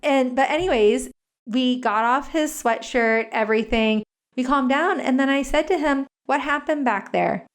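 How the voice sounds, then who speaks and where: Woman guest, earnest and explanatory, fairly high voice, casual podcast talk. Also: moderate pace. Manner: earnest, explains step by step with frequent "like" fillers. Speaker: guest parenting educator. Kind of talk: conversational interview explanation. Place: podcast recording.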